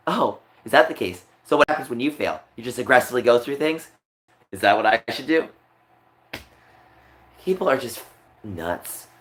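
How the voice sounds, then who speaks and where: A man on a live stream rants emotionally, going from low muttering to raising his voice. He speaks a little fast, and his tone is a bit bright.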